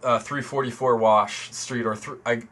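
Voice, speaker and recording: A man with a mid-range voice and a bright, tense tone chats about a film on a podcast. He hesitates and trails off now and then as he talks. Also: medium pitch, steady tone, normal speed. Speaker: podcast co-host. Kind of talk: casual movie review chat.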